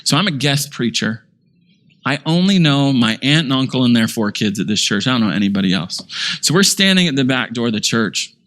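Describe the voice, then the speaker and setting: A man pastor preaching a sermon, telling a story in an animated way and calling himself a little sarcastic. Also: medium pitch, fairly quick.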